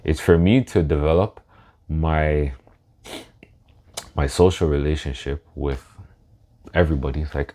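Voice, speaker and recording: A man in his thirties hosting a solo podcast in a casual way, slow and reflective, pausing to gather his thoughts. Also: rumbling low, a little mellow. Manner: emotional, laughs through his words. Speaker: podcast host.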